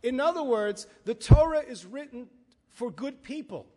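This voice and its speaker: A rabbi teaches a Torah class in a synagogue hall, mixing jokes into his lesson. He speaks in a high voice and tells his stories in a lively, emphatic way. His voice carries the long reverb of a large hall. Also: normal speed.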